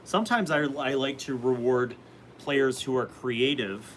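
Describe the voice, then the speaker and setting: A man's voice: medium pitch, unhurried, slight background noise, rough recording. A man hosting a casual live stream, reading viewer comments and rambling through answers about tabletop games.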